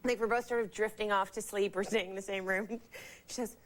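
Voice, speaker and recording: A woman's voice: medium pitch, fairly quick. A woman guest on a late-night talk show, bubbly and giggly as she tells comic stories. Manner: bubbly, giggly, animated storytelling. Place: television studio. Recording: noisy broadcast with loud studio audience.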